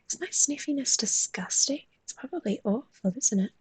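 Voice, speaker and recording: A woman talks in a soft, mostly whispered voice and yawns often as she chats with viewers on a live stream while she draws. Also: high voice, lively intonation, moderate pace, breathy edge.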